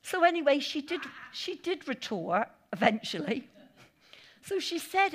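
A woman's voice: sits high, normal speed, husky. A woman giving a conversational sermon at a church meeting, with chatty asides and acted-out quotes. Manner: chatty, animated, laughing asides, acting out quotes. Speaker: preacher.

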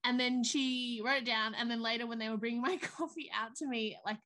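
A woman co-hosting a casual podcast, with a slightly high voice. She tells stories with energy and slips into the voices of the people she quotes. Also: fairly quick. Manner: animated storytelling, acts out quoted voices. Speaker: podcast co-host. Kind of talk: casual chat.

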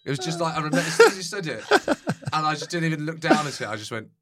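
A man who is a podcast guest, telling a rambling anecdote in casual chat, deadpan and swearing freely. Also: on the high side, fast talker. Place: podcast studio.

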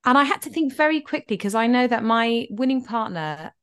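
Her voice is on the high side, clean in tone, and fairly quick. She's a middle-aged woman co-hosting a podcast, chatting loosely and acting out quotes in a lively story.

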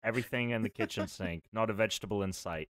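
A playful man rambles through a casual drinking game with friends. His voice sits a little low but sounds bright. The sound is dry and close. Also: fast talker, dry recording.

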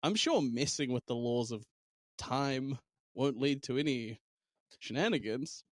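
Playful, lively New man. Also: mid-range voice, measured pace, dry recording, clean studio sound. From New Zealand. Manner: playful, laughing, teasing. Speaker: podcast co-host and game master. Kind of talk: casual chat.

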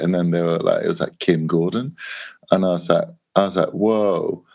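An English man telling a long anecdote in a casual chat, animated, swearing and acting out what people said. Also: deep voice, normal speed, creaky. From England. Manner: animated anecdote, swearing, laughing, acts out quoted voices. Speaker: guest. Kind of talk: casual storytelling.

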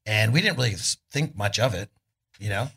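A middle-aged man from California, a guest musician telling laid-back, animated stories at a live podcast show, acting out what others said. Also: fairly low pitch, a little fast, slightly rough. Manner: laid-back, animated storytelling with voices for quotes. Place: arts club on stage before an audience.

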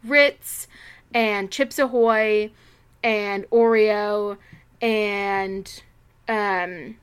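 A woman's voice: medium pitch, steady tone, extremely slow, clear, resonant tone. A young woman co-hosting a podcast in casual chat, rambling with lots of fillers. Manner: chatty, rambling with many fillers. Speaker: podcast co-host.

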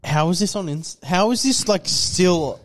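A man's voice: high-pitched, expressive, unhurried. A young man, co-hosting a podcast in casual, crude chat that is full of "like". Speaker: podcast co-host.

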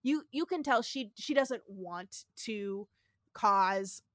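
A young woman co-hosting a podcast speaks slowly in a mid-range voice, with clean studio sound and no echo. Chatting casually, she recaps a show, animatedly acting out the characters' lines and laughing often.

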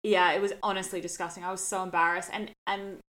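A woman's voice: on the low side, fast talker, low-quality recording. A young Australian woman with an Australian accent, co-hosting a podcast, telling stories animatedly and laughing between lines. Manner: animated storyteller, laughing, mimicking others. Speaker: podcast co-host. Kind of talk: casual chat.

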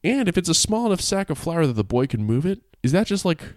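A man's voice: a little high, big pitch swings, fast, a little mellow, no room sound, studio quality. A man reading a folktale aloud, breaking off for irreverent, swearing comic asides. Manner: wry, irreverent, swears and laughs at the text. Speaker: storyteller.

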